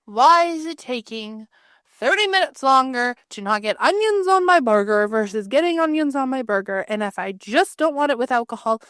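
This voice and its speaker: Woman podcast co-host, high voice, dry sound, exasperated casual ranting. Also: lively intonation, normal speed, fairly bright tone, dry recording. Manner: exasperated ranting with many likes. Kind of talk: casual chat.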